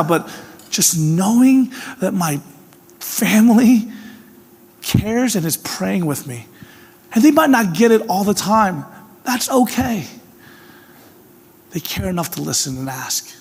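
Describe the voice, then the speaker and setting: A man delivering a sermon in a slightly high voice, carried by the long reverb of a big hall. He preaches earnestly, rising to emphatic appeals and then dropping to a soft, hushed tone. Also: lively intonation, a little slow, long pauses, breathy edge. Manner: earnest, swings from emphatic to hushed, repeats "can I tell you". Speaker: pastor.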